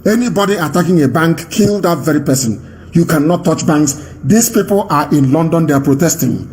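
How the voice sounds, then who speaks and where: A man with a Nigerian accent giving an impassioned live radio address, emphatic and repetitive, with commanding declarations that rise to shouts. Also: fairly high pitch, lively intonation, moderate pace, a little hiss or hum.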